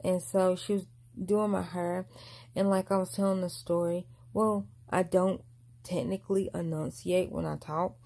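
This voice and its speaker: A woman's voice: fairly low pitch, fairly even intonation, unhurried, creaky, dark tone. A young woman telling a long personal story in a casual vlog, mumbling and restarting often. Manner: rambling, mumbled delivery with frequent restarts.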